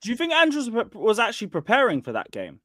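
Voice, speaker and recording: A young man, calmly talking football with other panelists in a casual chat. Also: high voice, fast, no echo, clean studio sound.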